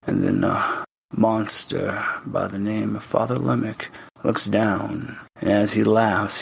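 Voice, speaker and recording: A man's voice: fairly low pitch, creaky, a bit bright, slightly rough. A man narrating a tabletop game as game master, speaking dramatically to the player and often dropping to a whisper.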